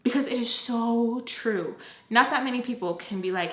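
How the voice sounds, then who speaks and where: Animated young woman telling a story. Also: on the high side, normal speed. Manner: animated, profane, chatty with many "like" fillers. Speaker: beauty and story-time YouTuber. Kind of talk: casual story-time monologue. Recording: roomy echo.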